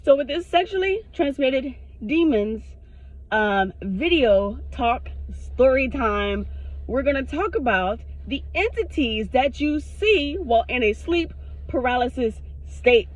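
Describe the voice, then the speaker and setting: A woman vlogger telling a personal story to her camera in a frank, animated way, swearing freely. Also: sits high, slow pace. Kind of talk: casual storytime monologue. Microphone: self-recorded on camera. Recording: dull lo-fi sound.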